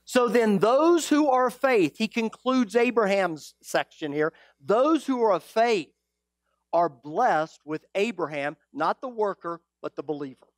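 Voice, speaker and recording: A male pastor preaching a sermon, animated and teasing, full of rhetorical questions. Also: high-pitched, a little slow, no echo, clean studio sound.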